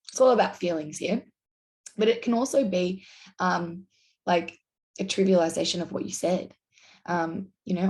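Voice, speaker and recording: A woman's voice: lowish voice, unhurried, long pauses, a little mellow. Earnest woman giving casual advice. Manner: earnest, explains with acted example lines. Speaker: YouTube host.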